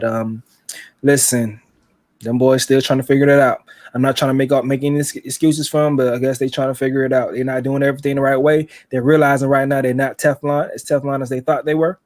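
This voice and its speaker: A man's voice: mid-range voice, a little mellow, no echo. Easygoing man guest in a dry room. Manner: slangy, easygoing. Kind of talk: casual commentary chat.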